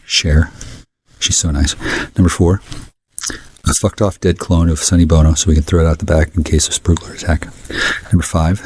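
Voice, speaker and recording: A man's voice: sits low, a little mellow, breathy edge, no echo. A man ranting angrily and rambling, jumping between subjects and cursing a lot. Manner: angry, scattered, cursing. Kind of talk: rambling profane rant to camera.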